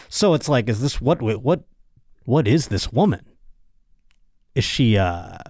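A man's voice: medium pitch, darkish tone, dry recording, clean studio sound. A young man hosting a podcast, rambling and joking crudely in casual chat. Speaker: podcast host.

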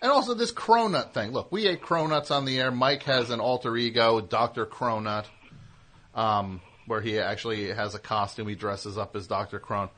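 Teasing radio host, rambling banter. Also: male voice, medium pitch, fairly bright tone, a little hiss or hum. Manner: teasing, rambling, quick back-and-forth. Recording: radio broadcast.

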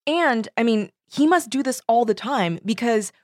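A woman's voice: a little high, animated, moderate pace, dry recording, studio quality. A woman co-hosting a book podcast, chatting casually and laughing often. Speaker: podcast co-host. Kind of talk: casual chat.

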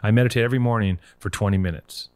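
A man hosting a call-in show, giving blunt, profane motivational talk and telling stories with animated energy. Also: fairly low pitch, very fast, smooth, dry recording.

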